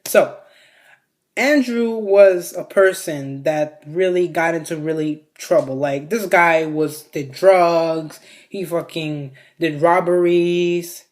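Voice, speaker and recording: A man's voice: on the high side, takes it slowly. Rambling, foul-mouthed young man. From Mexico. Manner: rambling, heavy swearing, many fillers. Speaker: vlogger. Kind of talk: casual storytime.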